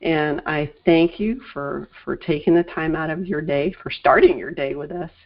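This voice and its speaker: A woman's voice: low voice, dull audio. A woman hosting an interview, affirming her guest and thanking her, talking through a sore throat. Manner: warm thanks, affirming, slightly halting. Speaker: podcast host. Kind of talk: casual interview chat.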